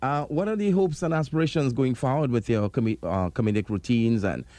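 A man's voice: medium pitch, a little fast, warm tone, dry recording. A Trinidadian man in his thirties hosting an interview, earnest and hesitant, restarting his sentences often. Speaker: interview host. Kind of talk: casual interview.

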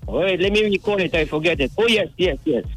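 Chatty Trinidadian male caller, high-pitched, tells jokes over a music bed. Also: animated, quick pace, fairly bright tone, low-quality recording. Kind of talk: phone-in joke telling.

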